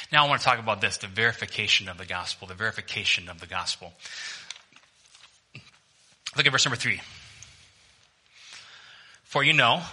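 A male pastor preaching to his congregation in a church, with a very bright, cutting edge to his tone. He is animated and direct, firing questions and jokes at the listeners. He drops from ringing emphasis into soft, low stretches and back again. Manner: animated preaching, swinging from loud emphasis to hushed, low delivery. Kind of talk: sermon.

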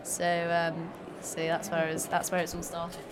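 Female guest, business founder, friendly, halting with fillers, faint noise behind. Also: on the low side, monotone. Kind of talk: casual interview answers. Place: trade show hall.

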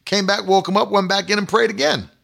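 High, bright-voiced male preacher. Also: fairly even intonation, quick pace, gravelly. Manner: emphatic, repetitive call-and-response phrasing. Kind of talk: sermon.

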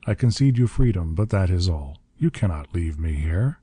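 A frail old ruler speaks with mild, benign calm that hides cold menace, as a man reads him in an audiobook. The voice sits very low and dark. The sound is close and dry. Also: normal speed, husky, no echo. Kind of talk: audiobook narration.

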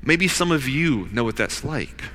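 Bright-voiced preacher in a reverberant hall. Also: male voice, very animated, measured pace. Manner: acts out voices of the people in the story; swings between loud urging and hushed low asides. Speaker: pastor. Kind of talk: sermon.

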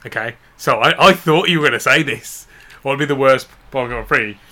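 Giggly, bright-voiced man. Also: medium pitch, fairly quick. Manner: jokey, giggly, rambling wordplay. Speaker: podcast co-host. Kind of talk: casual comedic chat.

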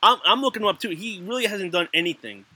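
A man's voice: high-pitched, fast, bright, forceful tone, breathy edge. A man co-hosting a casual podcast chat, rambling with lots of fillers and fits of giggles. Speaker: podcast co-host.

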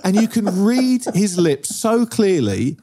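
A man's voice: high voice, very animated, slow, warm tone. A middle-aged man, telling a story in casual chat and often checking in with "right?". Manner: storytelling, keeps asking "right?". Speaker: podcast co-host.

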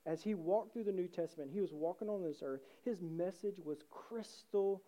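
A male pastor delivers a sermon, building to passionate, emphatic peaks. His tone is mellow and dark rather than bright. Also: high-pitched, normal speed. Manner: passionate, rising emphatic preaching.

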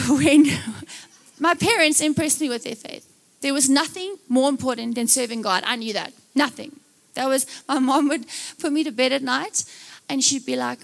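A woman's voice: high-pitched, moderate pace, gravelly. A young South African woman preaching a live sermon, telling stories with jokey asides and acting out voices. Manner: animated storytelling, acts out voices, jokey asides.

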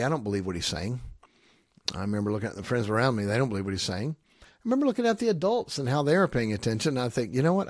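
A man who is a pastor, teaching parents with animated, emphatic personal storytelling. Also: medium pitch, no echo, clean studio sound.

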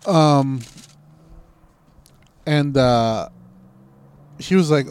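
A man's voice: on the high side, moderate pace, darkish tone. A young man co-hosting a casual chat, ranting and mocking with plenty of profanity. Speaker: podcast co-host.

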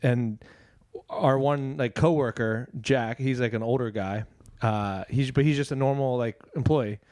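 A man's voice: mid-range voice, measured pace, darkish tone, dry recording. A man, a comedian, telling a rambling story in casual chat and laughing often.

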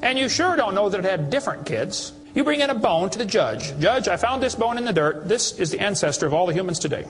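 A man's voice: high voice, sing-song, fast, hardly any pauses, faint music behind. A man giving a preaching lecture to an audience, telling folksy, mocking stories with acted dialogue. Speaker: creation science speaker.

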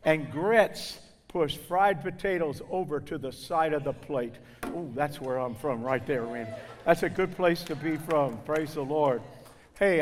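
A man from southern Indiana preaching a sermon to a congregation, loud and exclaiming, with folksy jokes. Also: on the high side, a little hiss or hum. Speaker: guest preacher. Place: church sanctuary. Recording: reverberant hall.

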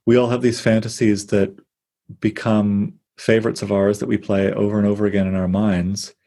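A man leading a casual, thoughtful discussion of a poem, reflective and unhurried. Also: lowish voice, little pitch movement, warm tone. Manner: thoughtful, reflective, reads verse slowly.

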